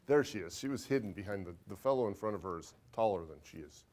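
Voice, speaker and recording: A man lecturing an accounting class in a classroom, his pitch swinging up and down as he teases students. He talks fast and hyper, and his throat is dry from talking. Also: lively intonation, darkish tone. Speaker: accounting instructor.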